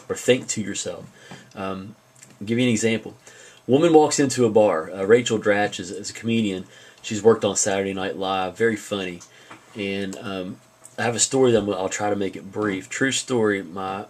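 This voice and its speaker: Male teacher in his thirties, deep voice, casual storytelling lecture. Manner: conversational storytelling, frequent asides. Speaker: high school teacher. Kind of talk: recorded video lecture.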